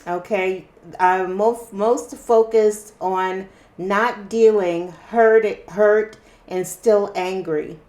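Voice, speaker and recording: A woman's voice: medium pitch, steady tone, a little mellow. A woman giving a casual tarot card reading to a viewer, often checking in with "okay?". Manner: unhurried, checks in with frequent "okay?". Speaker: tarot reader.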